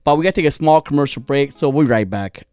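A man's voice: fairly high pitch, fast, a little mellow, clear, resonant tone, dry recording, faint music behind. A man hosting a casual podcast, telling a crude story with lots of joking. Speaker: podcast host.

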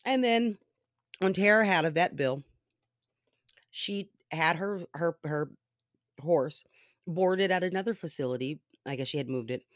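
A woman telling a story in casual commentary style, animated and often laughing, with profane asides. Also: on the low side, measured pace, long pauses, no room sound, studio quality.

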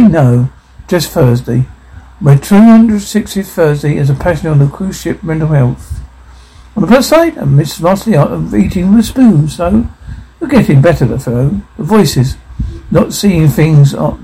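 A man reading film dialogue and sound cues aloud in a jumbled, halting way. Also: on the high side, gravelly, mellow, slightly rough, low-quality recording.

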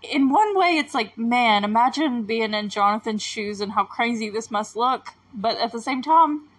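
A woman's voice: fairly high pitch, animated, normal speed, a bit bright, rough recording. A woman hosting a TV recap podcast, talking casually and rambling with lots of filler words. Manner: chatty and rambling, full of fillers.

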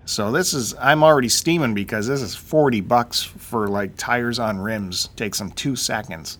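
A man on a casual talk show, telling a long story in an animated, ranting way and acting out the people in it. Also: mid-range voice, normal speed. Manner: animated, ranting, acts out quotes.

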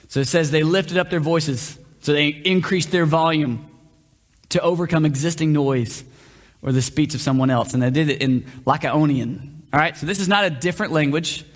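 A male pastor preaching a conversational sermon, often asking the room questions. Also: a little high. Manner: conversational, asks the room questions, varies pace. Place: church hall. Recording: long reverb of a hall.

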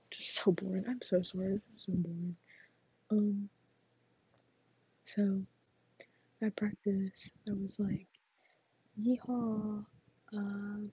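Teen girl, whispered role-play, breathy and mellow, lo-fi recording, rambling chatty delivery. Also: medium pitch, little pitch movement, slow, long pauses, no echo. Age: teens. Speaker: vlogger.

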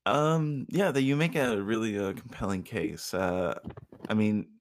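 Man, very deep voice, gravelly, casual comedic chat, hesitant, laughs a lot. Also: a little slow, a little hiss or hum. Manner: laid-back, laughing, hesitant with fillers.

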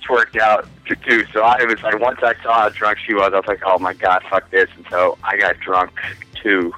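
A man's voice: fairly low pitch, steady tone, measured pace, sharp tone, dry recording, soft background music, poor audio. A man in his twenties, a podcast guest, telling a long rambling story in casual, profane chat with frequent laughs.

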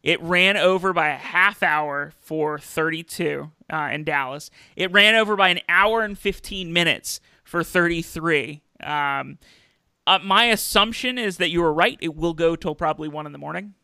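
A man's voice: a little high, moderate pace, sharp tone, clear, resonant tone, no echo. A man hosting a casual wrestling podcast, chatty, with many fillers and restarts. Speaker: podcast host.

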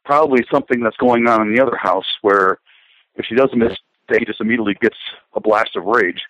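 A man's voice: on the low side, quick pace, fairly bright tone, no echo. A middle-aged man talking casually, rambling and hesitant, with many fillers and restarts. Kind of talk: casual conversation. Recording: dull lo-fi sound.

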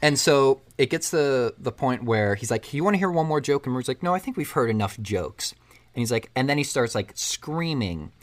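A man in casual chat, rambling through a movie plot and acting out the characters' lines along the way. His voice sits at an ordinary middle pitch, and he keeps the story rolling. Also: animated, normal speed. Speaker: co-host recapping a film.

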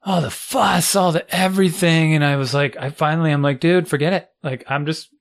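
A middle-aged man chatting casually as a co-host, telling animated stories about his kids and acting out their lines. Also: fairly high pitch, a little fast, creaky, no echo, clean studio sound. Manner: animated storyteller, acts out quotes. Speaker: parent and co-host. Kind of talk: casual chat.

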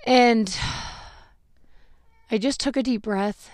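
A woman's voice: a little high, takes it slowly, no room sound, studio quality. Candid woman telling a personal story. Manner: candid, rambling, self-reflective, with acted-out quotes. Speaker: podcast host.

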